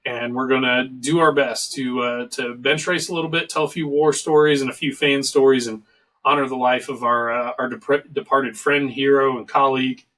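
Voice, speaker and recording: A middle-aged man hosts a casual video-call talk show, rambling through joking stories in a voice of ordinary, middling pitch. He sits a little back from his mic, so the sound is slightly distant. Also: fairly even intonation, normal speed, a bit bright. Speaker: show host. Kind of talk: casual podcast chat.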